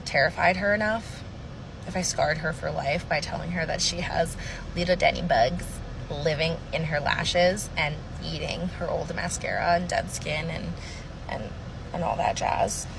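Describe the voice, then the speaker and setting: Woman telling a story to camera, easygoing, kinda musing out loud. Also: lowish voice, vocal fry, background noise. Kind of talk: casual storytime monologue.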